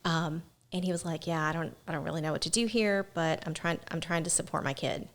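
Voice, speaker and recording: A woman with a slightly low voice speaking as a guest on a casual podcast. She tells earnest stories at an easy pace, pausing often with "um.". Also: fairly even intonation. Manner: earnest storyteller, many "um" pauses. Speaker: podcast guest, event organizer. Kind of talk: casual chat.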